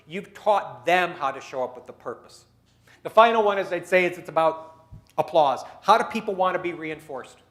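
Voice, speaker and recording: A man with a notably high voice gives a motivational keynote at a dinner meeting. He tells stories, slips into the voices of the people in them, and gets the crowd to join in with little exercises. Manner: storytelling, leads the audience through exercises; acts out quoted people in his stories. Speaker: keynote speaker.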